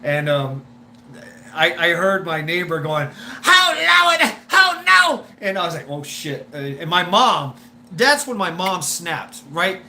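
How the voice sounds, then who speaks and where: A man's voice: a little high, measured pace, sharp tone, a little hiss or hum. A man hosting a live stream, telling a story in a rambling way with swearing, laughs and many restarts.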